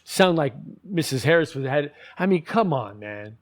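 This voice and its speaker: A man's voice: a little high, expressive, normal speed. A man ranting in casual commentary, heated and profane, rambling with many restarts.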